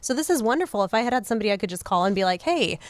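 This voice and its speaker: Radio co-host, female, upbeat interviewer, smooth voice, dry studio mic. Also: mid-range voice, animated, rapid-fire, no echo. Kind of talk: casual radio talk.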